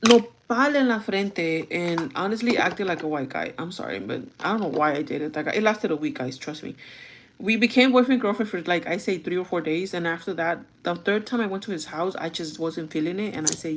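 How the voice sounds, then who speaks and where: A woman's voice: on the low side, animated, a little fast, slight background noise. Chatty young woman telling a story. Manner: rambling, chatty storytelling with many fillers; switches languages mid-sentence. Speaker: vlogger. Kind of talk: casual chat.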